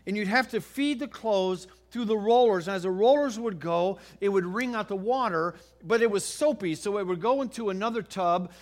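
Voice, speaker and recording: A middle-aged American man preaching a sermon, telling a homey story in a folksy, animated way with frequent restarts. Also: high voice, normal speed, few pauses. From United States. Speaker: pastor.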